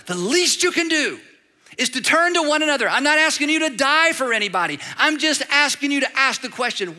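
High bright-voiced preaching man. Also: a little fast. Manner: animated preaching with repeated phrases and acted quotes. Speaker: pastor. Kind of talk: sermon. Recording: long reverb of a large hall.

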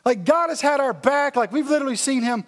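A man putting on an excited young David. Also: very high-pitched, quick pace, long reverb tail, pitched above the performer's own voice. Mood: incredulous. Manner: incredulous, casual slangy talk. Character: brash, excited young shepherd David, male.

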